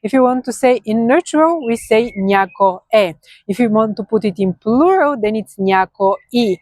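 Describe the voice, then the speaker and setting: A woman's voice: a little high, expressive, darkish tone, dry recording. Chatty Bulgarian-accented woman teacher. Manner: chatty, many fillers and "okay?" checks; slows down to pronounce example words. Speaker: language teacher. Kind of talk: explaining grammar to learners.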